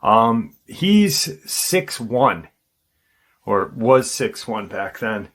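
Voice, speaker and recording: A man hosting a paranormal channel, casually retelling a witness's encounter in a halting way, with frequent ums and restarts. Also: mid-range voice, very animated, fairly bright tone.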